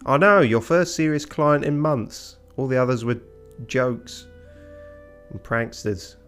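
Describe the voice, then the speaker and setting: A man voicing a cocky male sparrow sidekick in a bird game, talking quick, loud and mocking. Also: medium pitch, faint music behind, pitched above the performer's own voice. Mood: eager.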